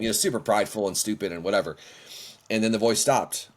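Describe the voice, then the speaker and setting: Lively storytelling man, low voice. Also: fast. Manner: animated, acts out his own past dialogue. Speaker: worship leader, guest. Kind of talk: storytelling in a podcast interview.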